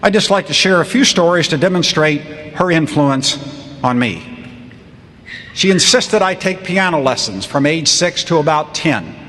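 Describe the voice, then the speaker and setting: A man in his sixties giving a humorous commencement speech, telling stories with a wry, deadpan manner, recorded in a large ceremony hall. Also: a little high, normal speed. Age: 60s. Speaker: commencement speaker. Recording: long hall reverb, faint crowd ambience.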